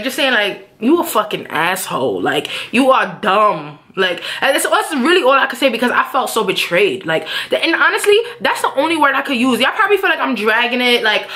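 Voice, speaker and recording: A young woman tells a story to her camera at home, swearing freely and jumping into the voices of everyone involved. Her voice sits a little high and sounds bright and sharp. It comes off as unscripted, animated storytime talk. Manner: animated, cursing, acts out quotes. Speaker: vlogger. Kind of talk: casual storytime monologue.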